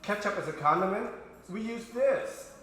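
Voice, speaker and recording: A playful, talkative man walks his viewers through a recipe in his home kitchen. His voice sits a little high and sounds bright and forceful. The kitchen is very echoey, and faint music plays underneath. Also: animated, moderate pace. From Vietnam. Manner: chatty, playful, talks to viewers as boys and girls. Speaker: home cook host. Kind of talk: casual cooking demonstration.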